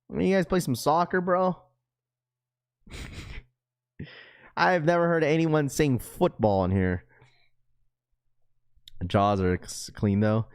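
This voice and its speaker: Reading viewer comments aloud on his livestream, a man jokes loosely in slangy chat, repeatedly saying bro and laughing often. His voice sits fairly high and sounds clean, delivered slowly with long pauses.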